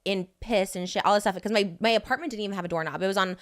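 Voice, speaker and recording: A woman's voice: medium pitch, rapid-fire. A woman in her thirties, a podcast guest, talking candidly and rambling with lots of "like" into a studio microphone. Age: 30s. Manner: rambling, heavy use of "like". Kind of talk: candid casual chat.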